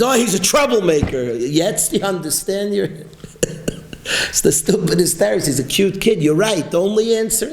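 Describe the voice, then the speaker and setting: A man giving a sermon as a rabbi, preaching emphatically and with animated, rising exclamations. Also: sits high, a little hiss or hum. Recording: roomy echo.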